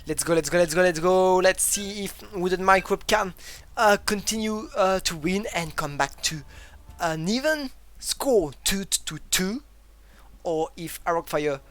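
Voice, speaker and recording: A medium-pitched esports caster gives live play-by-play from a broadcast booth, using non-native English. He gets excited easily and breaks into sudden loud exclamations.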